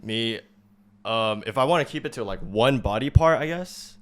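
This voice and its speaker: A man's voice: medium pitch, lively intonation, moderate pace, fairly bright tone. A man hosting a podcast in casual chat, loose and laughing, swearing now and then. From Walnut, California. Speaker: podcast host.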